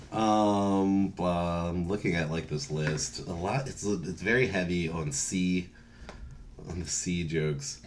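A man's voice: low-pitched, takes it slowly, a little hiss or hum. A young man co-hosting a casual podcast, laid-back and chuckling often, with lots of "um" and "like". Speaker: podcast co-host.

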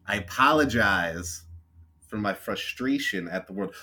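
A man's voice: mid-range voice, very animated, measured pace, gravelly, bright, forceful tone, husky. A young man co-hosting a podcast, venting in a frustrated, sweary, sarcastically apologetic rant. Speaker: podcast co-host. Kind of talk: casual chat.

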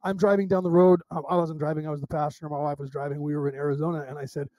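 A man's voice: on the high side, rapid-fire, no echo, lo-fi sound. A middle-aged man being interviewed as a psychic medium, telling stories and acting out the dialogue, often restarting his sentences. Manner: animated storyteller acting out quoted dialogue, with restarts. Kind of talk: casual interview storytelling.

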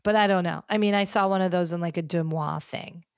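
Woman podcast host, lowish voice, dry close sound, chatty storyteller. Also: brisk, clean tone, dry recording. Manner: chatty, animated storytelling with many fillers. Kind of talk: casual pop culture chat.

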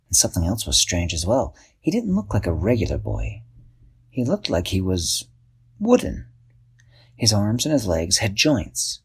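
A man narrating a children's story, expressive and slowing down for suspense. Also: on the low side, husky.

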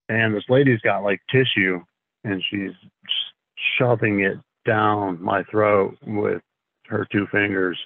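A low-voiced man with a gravelly edge speaks slowly and haltingly, clearing his throat often between phrases. His voice comes through thin and phone-like, with a dry, close sound. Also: steady tone, no room sound. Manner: slow, halting, frequent throat clearing and fillers. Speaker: podcast guest. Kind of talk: casual storytelling.

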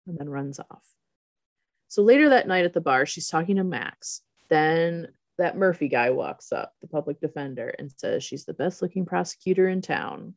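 Woman, casual recap, lower voice, laughs a lot, dry close sound. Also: expressive, normal speed, creaky, dry recording. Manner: laughs often, acts out quoted lines. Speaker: podcast co-host recapping a movie. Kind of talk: casual chat.

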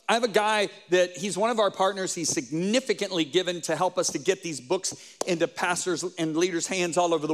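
A man preaching a sermon, telling stories and quoting conversations, with frequent rhetorical questions. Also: high voice.

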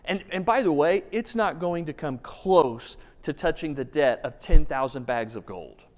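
A man's voice: fairly high pitch, expressive, unhurried. A man preaching a sermon as pastor, telling a story with emphasis and asking rhetorical questions. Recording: long reverb of a large hall.

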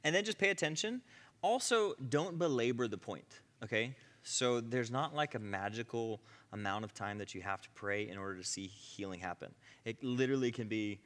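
A man's voice: mid-range voice, fairly bright tone, big-room sound. A man teaching a class on healing prayer in a conversational way, with frequent asides and "okay?" checks. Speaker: ministry teacher.

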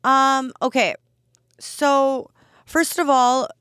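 A woman's voice: high voice, fairly even intonation, very slow, a bit bright, dry recording, studio quality. A woman in her twenties hosting a casual solo podcast, talking candidly and bluntly with lots of "like" fillers. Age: 20s. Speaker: podcast host.

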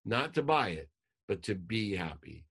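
A man telling an emotional personal story as a podcast guest, growing animated as he relives it. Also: lowish voice, unhurried, breathy edge.

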